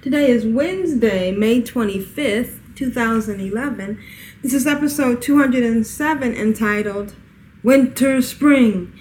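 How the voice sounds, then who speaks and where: A woman with a fairly high voice hosts a relaxed podcast and laughs easily between sentences. She talks loosely and informally into a desk microphone, and a faint hiss sits under her voice. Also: normal speed, low-quality recording. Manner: giggly, laughs often between lines. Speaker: podcast host. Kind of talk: casual chat.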